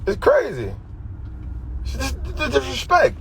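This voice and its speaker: A finance educator with an Atlanta Black American English accent preaches about money on a livestream, using street slang and repeating his points. His voice sits high and a bit bright, at a moderate pace, with slight background noise.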